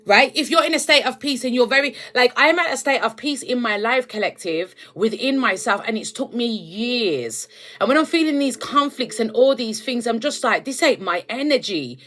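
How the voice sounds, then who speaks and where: A woman's voice: a little high, expressive, moderate pace, a bit bright. Chatty woman ranting to viewers. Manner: chatty and emphatic, calls viewers babes and collective. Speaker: spiritual content creator. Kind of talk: casual spiritual rant to camera.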